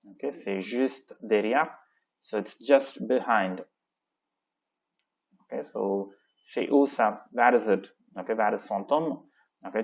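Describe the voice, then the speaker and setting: A man teaching a French lesson, reading textbook lines slowly and translating each one with many "okay, so" fillers. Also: fairly low pitch, a little mellow, muffled recording. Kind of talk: classroom lesson explaining a textbook dialogue.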